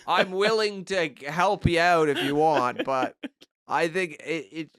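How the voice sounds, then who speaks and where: Male podcast host, high voice, dry close sound, teasing deadpan banter. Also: a little slow, smooth, no room sound. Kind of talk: casual comedy chat.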